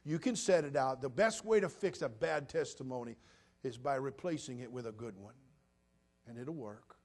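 A man's voice: mid-range voice, moderate pace. Man in his sixties preaching a sermon. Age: 60s. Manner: preaching with sudden loud bursts and quiet drops. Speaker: pastor.

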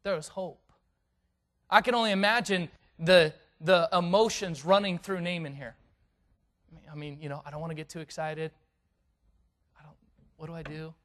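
A man preaching a sermon and reading scripture aloud, swinging from hushed asides to loud, dramatic peaks. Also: on the high side, normal speed. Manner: reads scripture in King James wording.

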